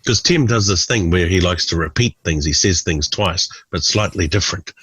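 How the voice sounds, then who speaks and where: A man in his forties, a stand-up comedian, telling anecdotes in an animated way as a guest. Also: low-pitched, moderate pace, breathy edge, dry recording, rough recording. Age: 40s. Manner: animated, does voices for characters. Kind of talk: storytelling anecdotes.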